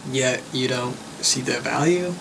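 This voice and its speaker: Gravelly relaxed young man vlogging. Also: medium pitch, measured pace. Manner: relaxed, rambling and reflective, with many likes and uhs. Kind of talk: casual vlog chat. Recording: faint background noise.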